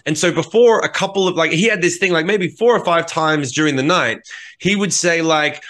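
A man, a podcast co-host and touring musician, telling profane, animated stories in casual chat. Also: a little high. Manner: animated, profane, quick bursts with impressions.

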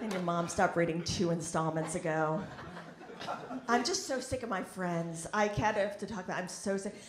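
A woman's voice: lowish voice, normal speed. A woman performing a stand-up routine in a comedy club, with a wry, self-deprecating delivery. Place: comedy club in New York. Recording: roomy club recording with audience noise.

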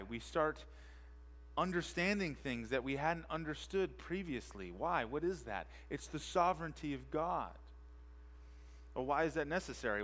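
A man who is a pastor, preaching a sermon with emphatic repetition and rhetorical questions, moving between quiet and loud for emphasis. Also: a little high. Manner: emphatic, repeats key phrases and asks rhetorical questions. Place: church sanctuary.

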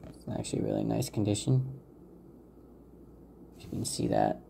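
Man, gravelly low-key voice, casual unboxing chatter, hesitant with fillers. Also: normal speed, slight background noise. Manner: relaxed, hesitant, many fillers, unsure of names. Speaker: channel host opening trading card packs.

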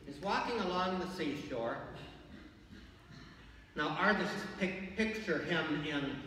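An older priest tells a story in a chatty, lightly humorous sermon, his voice sitting somewhat high. He is heard from far off in a large church, with long, rolling echo. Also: expressive, slow pace, a little hiss or hum. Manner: conversational, storytelling, gently humorous.

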